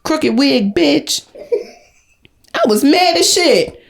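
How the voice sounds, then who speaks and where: Loud, profane woman ranting dramatically. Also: high-pitched, lively intonation, drawn-out words, creaky, long pauses. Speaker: podcast co-host. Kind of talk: comedic rant. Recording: roomy echo.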